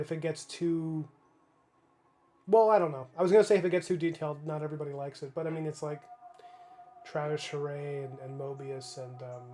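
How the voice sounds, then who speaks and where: A man in his thirties with a fairly high voice chats casually while painting on a live stream. He rambles and restarts as he thinks aloud and answers viewer chat. A faint hum sits behind him in his home studio. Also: warm tone. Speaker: livestreaming comic artist.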